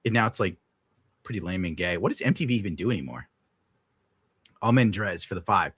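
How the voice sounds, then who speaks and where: A husky, fairly bright male voice with lively intonation moves fairly quickly in a dry recording. The young adult podcast host delivers an exasperated, sarcastic livestream rant, swearing frequently and jumping suddenly into high-pitched outrage.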